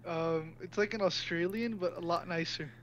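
A player in a tabletop game, a man with a high voice who answers in a plain, matter-of-fact way. His mic sounds dull and lo-fi, with a faint hum underneath. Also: moderate pace, a bit bright. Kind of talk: casual chat.

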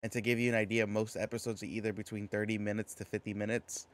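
Chatty low-voiced male podcast host. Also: level tone, quick pace. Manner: chatty, tangent-prone, filler-heavy. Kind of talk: casual podcast chat.

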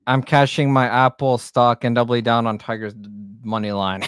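Excitable young guy calling a live game. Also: mid-range voice, moderate pace, clean tone, no echo, clean studio sound. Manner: excitable, jokey, swears, shouts on big plays. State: out of breath. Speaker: play-by-play streamer. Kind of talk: live amateur play-by-play commentary.

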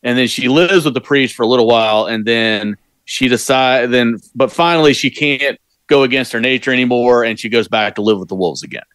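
A man's voice: medium pitch, brisk, hardly any pauses, fairly bright tone, smooth, no room sound. A man co-hosting a podcast, jumping in eagerly to explain a film's story. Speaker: podcast co-host. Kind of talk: casual movie discussion.

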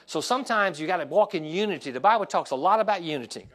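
Pastor, male, high-pitched, lively pulpit delivery, asks congregation for responses. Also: quick pace. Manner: animated preaching with call-and-response asides. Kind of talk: sermon. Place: church sanctuary.

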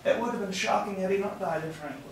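Hoarse man giving an impassioned tour. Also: high voice, quick pace, a little hiss or hum. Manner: impassioned, preachy and emphatic. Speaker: tour guide. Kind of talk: outdoor tour talk to a group. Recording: distant, echoey outdoor recording.

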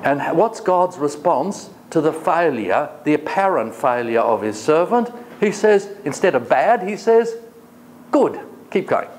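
Man lecturing a class, slightly high voice, faint hiss. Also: very animated, unhurried, hardly any pauses. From Australia. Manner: questioning students, paraphrasing the text. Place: college classroom.

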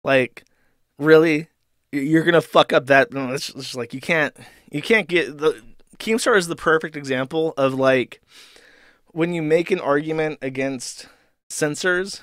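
A male commentary host rants in a sarcastic, profane, rambling way. His voice sits a little high for a man. The recording is dry and close. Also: unhurried, fairly bright tone, dry recording. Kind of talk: ranting online commentary.

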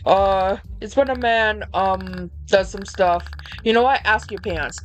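Gruff weary principal, as a woman puts him on. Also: medium pitch, unhurried, faint music behind, voice pushed down, close to an everyday voice, poor audio.

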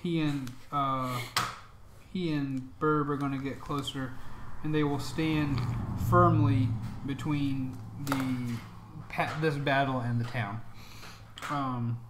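A man's voice: mid-range voice, fairly even intonation, takes it slowly, reverberant, background noise. A man narrating a tabletop game as dungeon master, in a loose, chatty way with plenty of ums and laughs.

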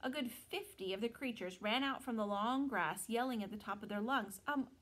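A woman teacher reading a novel aloud to students in an expressive storytelling manner. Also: on the high side, normal speed, poor audio.

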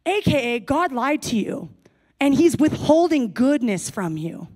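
A woman's voice: a little high, lively intonation, moderate pace, darkish tone. A young adult woman giving a sermon to a young adults service, speaking casually and playfully with jokey asides.

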